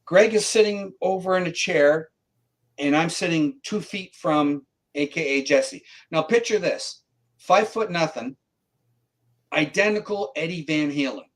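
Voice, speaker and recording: A man's voice: on the high side, a little slow, poor audio. A middle-aged man from Canada, a guest psychic, telling a story in a casual interview and acting out the voices of the people in it. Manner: animated, acts out quoted voices.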